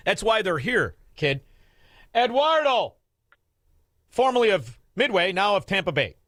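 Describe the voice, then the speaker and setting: A man's voice: sits high, very animated, takes it slowly, a bit bright, dry recording, clean studio sound. A man hosting a radio talk show, ranting in a combative, sarcastic way.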